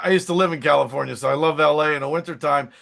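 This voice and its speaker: A man who sings and acts, telling chatty, animated anecdotes in a casual interview. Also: on the high side, racing, vocal fry. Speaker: singer, songwriter and screen actor.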